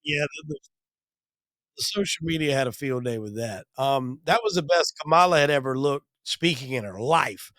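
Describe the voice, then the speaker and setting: A man's voice: medium pitch, expressive, moderate pace, fairly bright tone, no echo, studio quality. A man hosting a podcast, giving blunt, profane opinions in casual talk. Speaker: host.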